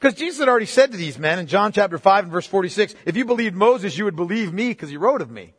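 A man's voice: sits high, expressive, fast, slightly rough. A man preaching a sermon, emphatic and casual, repeating his phrases, recorded in a church hall. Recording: long reverb of a hall.

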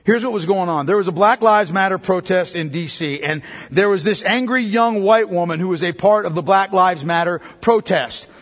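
A man preaching a sermon as pastor, swinging between loud emphasis and quiet, low passages. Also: normal speed, hardly any pauses, long reverb tail.

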